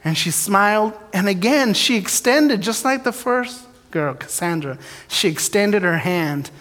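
A man's voice: high-pitched, animated, unhurried, fairly bright tone. A man giving a storytelling sermon, candid and self-deprecating, acting out his prayers and the dialogue in his story. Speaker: preacher giving testimony. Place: church sanctuary. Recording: long echo of a large hall.

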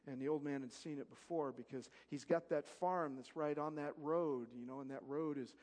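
A male pastor preaching a sermon, swinging from loud emphatic peaks to soft storytelling. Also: fairly high pitch, fairly even intonation, moderate pace. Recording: long reverb of a large hall.

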